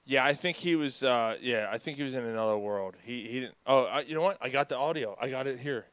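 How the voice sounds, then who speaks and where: A man hosting a casual sports podcast with friends, laughing often and firing off quick asides. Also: mid-range voice, fairly bright tone, clean tone, no room sound. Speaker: podcast host.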